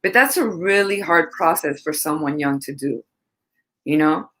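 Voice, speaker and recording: A woman's voice: deep voice, lively intonation, measured pace, a bit bright. A woman hosting a casual interview, who encourages her guest and asks open questions. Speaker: host.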